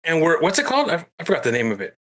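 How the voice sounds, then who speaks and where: Bright, animated man telling a story. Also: a little high, rapid-fire. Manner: animated storytelling with frequent swearing. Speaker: podcast guest. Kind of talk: casual podcast conversation.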